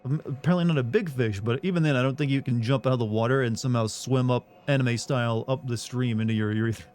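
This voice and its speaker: A man's voice: medium pitch, fast, a little mellow. A man streaming a game who argues with his chat in a casual, sarcastic way, swearing freely and sounding incredulous.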